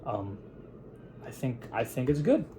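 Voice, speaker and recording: A man's voice: mid-range voice, big pitch swings, measured pace, mellow, faint music behind. A young man at his editing table giving a casual film review and plot recap, rambling with lots of "um"s and acting out quotes. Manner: rambling, with frequent fillers and restarts into quoted voices.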